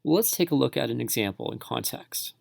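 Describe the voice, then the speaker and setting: A male teacher narrating a spelling tutorial for parents and students, speaking slowly and sounding words out syllable by syllable. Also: mid-range voice, lively intonation, no room sound, clean studio sound. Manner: slow, clearly enunciated, sounding words out.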